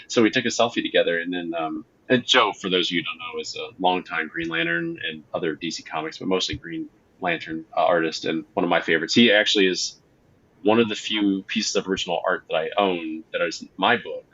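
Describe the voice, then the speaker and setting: A man with a low, forceful voice chats as a guest about writing comics. He tells stories with excitement, fills pauses with ums and acts out what people said. The audio sounds dull and lo-fi. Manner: excitable storyteller, acts out quotes, many fillers. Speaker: comic book writer, guest. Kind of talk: casual interview chat.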